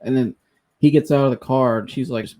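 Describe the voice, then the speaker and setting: A podcast host with a medium-pitched voice tells a funny story fairly quickly. His delivery is casual and animated, and he laughs often and imitates the people he quotes.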